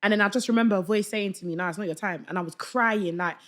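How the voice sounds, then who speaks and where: Animated young woman telling a story. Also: mid-range voice, fast. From London. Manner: animated, acts out quoted voices, slangy. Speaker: podcast guest. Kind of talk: casual storytelling chat.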